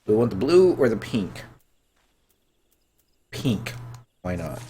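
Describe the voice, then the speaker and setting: A man's voice: on the low side, big pitch swings, takes it slowly, warm tone. A man with a head cold chatting casually and joking while he plays a game and answers viewers. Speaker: game streamer. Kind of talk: casual gameplay chat.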